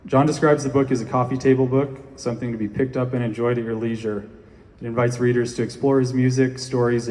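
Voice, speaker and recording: Man, event host, flat scripted introduction, long room reverb. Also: medium pitch. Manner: steady, scripted delivery. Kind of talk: introducing a guest.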